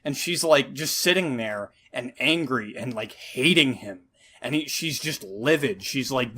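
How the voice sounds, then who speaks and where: A man's voice: mid-range voice, expressive, a little slow, fairly bright tone. A man giving a sarcastic, profane, exasperated movie review. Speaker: film reviewer.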